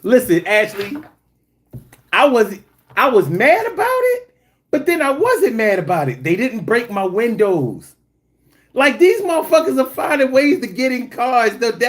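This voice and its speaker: Animated man chatting on a livestream. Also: unhurried. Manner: animated, swings high when telling stories; profane and joking. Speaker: livestream host reading chat. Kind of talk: casual livestream chat.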